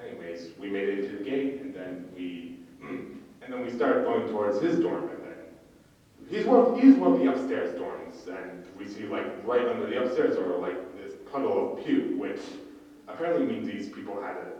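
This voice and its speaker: A young man rambles through a panel story in a low voice, restarting as he goes. He sounds distant, caught in a long hall reverb, and the recording is dull with faint room noise. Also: very animated, normal speed, warm tone. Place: large convention panel room. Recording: echoey hall, far from the mic, dull sound.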